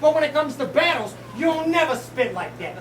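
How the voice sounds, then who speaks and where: A man's voice: very high-pitched, sing-song, fairly quick, a little hiss or hum. A man from Houston, Texas, delivering a taunting, profane rap battle verse at a live venue. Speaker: battle rapper. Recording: roomy venue, distant mic, loud crowd.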